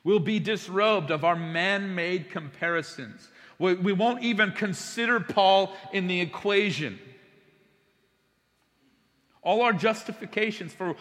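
A man delivers a sermon in a bright, forceful voice pitched a little high. He tells his stories with drama, dropping to slow, hushed passages and then bursting out loud. The sound carries a long reverb, as in a large hall. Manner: animated storytelling, swinging between hushed and loud. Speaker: preacher.

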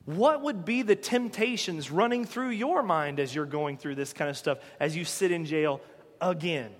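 A man's voice: on the high side, moderate pace, in a large hall. A man preaching a sermon in a conversational way, asking his listeners rhetorical questions. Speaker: pastor.

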